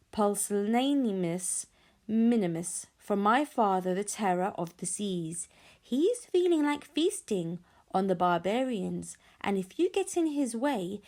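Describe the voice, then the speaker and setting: A woman's voice: mid-range voice, a little mellow, close to an everyday voice. A woman voicing a small, boastful female dragon who taunts and mocks her enemy in a storybook reading. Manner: sneering, mocking, grandly insulting.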